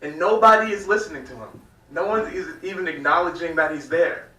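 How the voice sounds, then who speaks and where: A man's voice: fairly high pitch, a little fast, sharp tone. A man from Virginia doing a stand-up comedy set, rambling loosely and laughing at his own jokes on a club stage. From Virginia, United States. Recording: echoey club room from far off.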